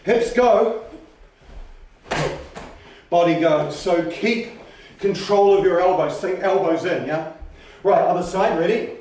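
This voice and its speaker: A man teaching a karate class, explaining technique and calling out sharp commands as he demonstrates. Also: sits high, slow pace, pauses often, slight background noise. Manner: demonstrative, shouts sharp counting calls. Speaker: karate instructor. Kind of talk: teaching a martial arts class. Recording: roomy training hall, voice from far off.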